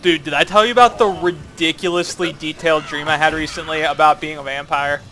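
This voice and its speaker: A man's voice: fairly high pitch, steady tone, a little fast, sharp tone, faint music behind. A man chatting casually while playing a co-op game, rambling playfully with lots of fillers. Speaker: co-op gameplay commentator. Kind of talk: casual gaming chat.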